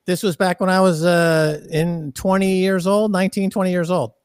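Animated high-voiced man ranting. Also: moderate pace, clean tone, no room sound, studio quality. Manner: animated, profane, ranting delivery. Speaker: guest. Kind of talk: casual podcast chat.

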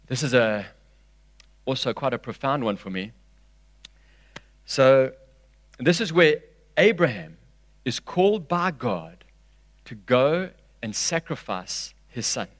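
A man preaching a sermon, reading scripture aloud with expression and swinging from loud, emphatic lines to hushed ones. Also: mid-range voice, no echo.

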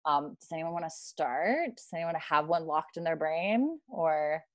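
A woman's voice: sits low, a little slow, no echo. Chatty woman hosting a fan talk. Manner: animated, acts out quoted lines. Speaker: podcast host. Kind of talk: casual fan discussion.

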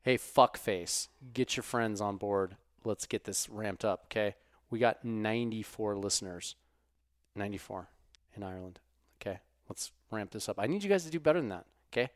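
A man hosting a podcast in casual, profane chat, swinging from muttered asides to loud outbursts. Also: lowish voice, normal speed, no room sound, studio quality. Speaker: podcast host.

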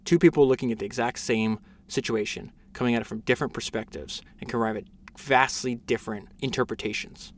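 A man's voice: medium pitch, brisk, hardly any pauses. A man hosting a casual podcast, summarizing a biography with enthusiasm, reading passages aloud with frequent fillers and restarts. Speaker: podcast host.

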